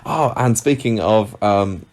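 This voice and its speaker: A man's voice: on the low side, slow pace, darkish tone. A man co-hosting a podcast in casual chat, hesitant and full of restarts. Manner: hesitant, with many restarts and fillers. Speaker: podcast co-host.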